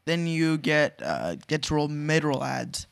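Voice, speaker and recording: Casting note: young male co-host, higher voice with gravel, joking, dry sound. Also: very animated, a little slow, no echo. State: hoarse throat. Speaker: new podcast co-host. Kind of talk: casual chat.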